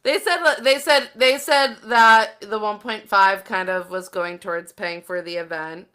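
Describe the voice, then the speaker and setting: A woman co-hosts a loose podcast chat with a bright, crisp voice. She is animated and quick to giggle, reading out bits of a news story to her co-hosts. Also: mid-range voice. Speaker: podcast co-host. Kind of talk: casual chat.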